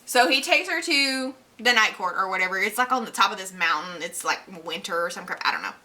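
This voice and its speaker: A woman's voice: mid-range voice, lively intonation, fairly quick, pushed and bright. A woman recapping books she has read in a casual vlog, chatty and rambling, with lots of fillers. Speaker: book vlogger.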